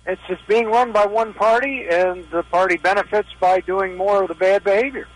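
An older man calls in to a radio show, speaking bluntly in a disillusioned tone. His voice sits high for a man. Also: fairly even intonation, normal speed, poor audio. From Western Pennsylvania. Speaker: caller.

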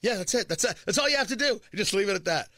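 A man's voice: sits high, animated, very fast, sharp tone, dry recording, studio quality. A middle-aged man hosting a morning talk radio show, delivering an opinionated monologue with emphatic repetition and sarcastic asides. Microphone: studio microphone.

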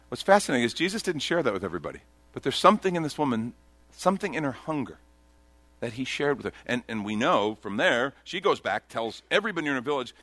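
Lively, bright-voiced male preacher. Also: a little high, quick pace, dry recording. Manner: expressive, conversational preaching with repetition. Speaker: pastor. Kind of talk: sermon.

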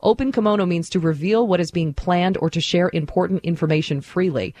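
A woman's voice: lowish voice, fairly quick, darkish tone, no echo. A woman radio co-host joking in a playful, self-mocking way during casual on-air banter.

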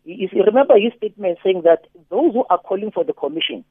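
A man phones in to share his opinion, his voice pitched high and a little husky. He stumbles and repeats words as he goes, and the tinny phone line strips away the fullness of his sound. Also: expressive, dry recording. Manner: halting, many repeated words. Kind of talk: phone-in commentary.

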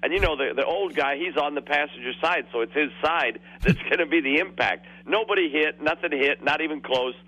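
A man's voice: a little high, fairly quick, hardly any pauses, sharp tone. A man in his sixties calling a radio show, telling rambling stories and laughing through them. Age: 60s. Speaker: caller. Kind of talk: phone-in storytelling. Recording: muffled phone line on the radio.

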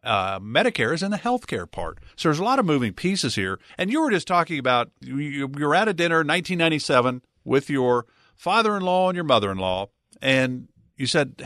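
A man's voice: on the high side, big pitch swings, brisk, fairly bright tone, no echo, studio quality. A man hosting a financial radio talk show, chatting conversationally and reading out a phone number. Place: radio studio. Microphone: studio mic.

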